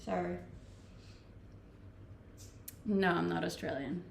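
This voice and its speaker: Danish-accented young woman, gravelly, echoey. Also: on the low side, slow. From Denmark. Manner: relaxed, laughs often, answers chat questions. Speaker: livestreamer. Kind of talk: casual chat reading viewer messages. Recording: echoey room with faint ambient noise.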